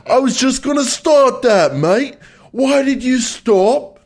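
A chirpy Australian bloke writing in to a podcast, as a man puts him on. The accent is broad and playful, pitched well up and stretched slowly. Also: animated, full character voice. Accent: put-on Australian. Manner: high, drawn-out, playful delivery. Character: cheery male Australian listener writing in.

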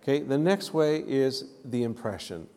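A man's voice: medium pitch, animated, normal speed, warm tone. A man preaching a sermon, telling a story and drawing responses from the congregation. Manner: storytelling, calls for audience responses. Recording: long hall reverb.

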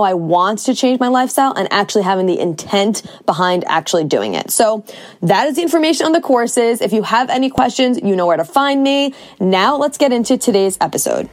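A woman's voice: mid-range voice, a little mellow. A woman in her thirties hosting a casual podcast monologue, talking bluntly and emphatically, with casual swearing. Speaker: podcast host and course coach.

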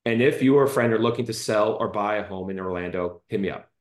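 A man's voice: lowish voice, quick pace. A man hosting a podcast interview, chatty and friendly, with lots of fillers. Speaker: podcast host. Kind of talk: casual interview chat. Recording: echoey room.

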